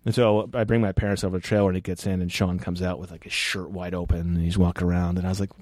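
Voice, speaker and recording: A man guest on a podcast, telling animated stories from film sets in a casual chat and acting out what people said. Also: deep voice, racing, few pauses, dry recording. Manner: animated anecdotes, acts out quotes, swears freely.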